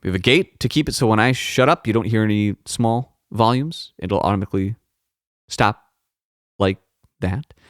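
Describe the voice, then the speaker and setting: A man's voice: on the low side, normal speed, no room sound. A man hosting a podcast, talking casually and profanely about his recording setup into a close studio microphone at home. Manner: rambling, profane, self-interrupting. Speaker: podcast host. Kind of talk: casual solo talk about audio gear. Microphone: close dynamic studio microphone.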